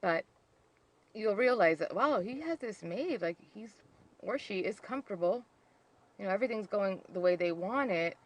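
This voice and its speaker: A woman's voice: medium pitch, expressive, normal speed. A woman candidly recounting a painful relationship story in a vlog, emotional and rambling, full of "like" and restarts. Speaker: vlogger on narcissistic abuse.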